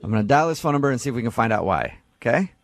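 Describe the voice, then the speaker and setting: A man's voice: mid-range voice, sing-song, very fast, no room sound. A man hosting a morning radio show, bantering and teasing with an upbeat delivery. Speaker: radio host. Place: radio studio.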